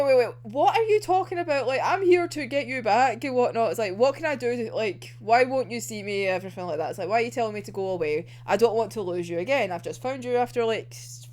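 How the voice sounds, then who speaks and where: Animated, laughing woman gushing over manga. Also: a little high. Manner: gushing, laughs often, acts out characters' lines mid-story; swears casually. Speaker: manga reviewer. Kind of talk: casual manga recap and review.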